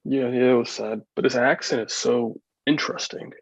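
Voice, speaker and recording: A man's voice: medium pitch, steady tone, normal speed, creaky, no echo, muffled recording. An American man with an East Coast accent, chatting easily as host with dry humor. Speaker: podcast host. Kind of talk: casual chat.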